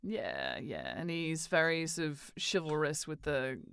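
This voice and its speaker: Give me a woman with a smooth, low voice chatting hesitantly on a podcast. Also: wildly swooping pitch, unhurried, fairly bright tone, no echo. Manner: hesitant, uses "like" a lot, laughs easily. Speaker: podcast co-host. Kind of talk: casual film discussion.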